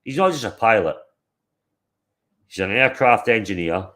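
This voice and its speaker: Rowdy, foul-mouthed stream host. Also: male voice, on the low side, lively intonation, moderate pace, fairly bright tone. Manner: rowdy, swearing, teasing. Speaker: livestream host. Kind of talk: casual chat to a live chat.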